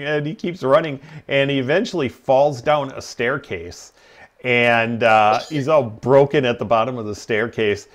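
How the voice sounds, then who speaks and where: A man's voice: medium pitch, unhurried. A man hosting a game livestream, chatting casually and rambling with lots of ums and laughs. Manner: rambling, laughs at own stories, many ums. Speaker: livestream host. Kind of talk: casual gaming stream chat.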